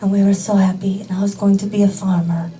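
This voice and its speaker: A woman doing a stand-up quote of an earnest Spanish man who speaks halting, overly formal English. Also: high-pitched, flat delivery, dark tone, slight background noise, close to an everyday voice. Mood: somber. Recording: distant stage mic with audience.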